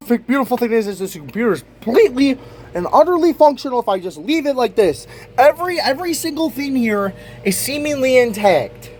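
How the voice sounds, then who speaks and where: High, lively young man ranting. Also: normal speed, slightly rough. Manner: exasperated, swears constantly, bursts into shouts. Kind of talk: profane rant to camera.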